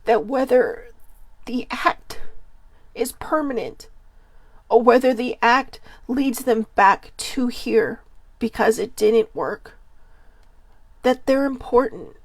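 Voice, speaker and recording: A woman host speaking earnestly with a Hawaiian accent, emotional and near tears, halting and repeating herself. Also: a little high, animated, no echo. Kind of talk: emotional personal talk.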